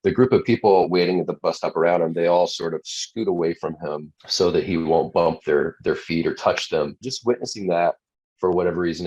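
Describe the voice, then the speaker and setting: Deep-voiced man telling a story. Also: a little mellow, husky. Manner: earnest storytelling with repeated restarts. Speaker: guest. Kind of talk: storytelling in a talk show interview. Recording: dull lo-fi sound.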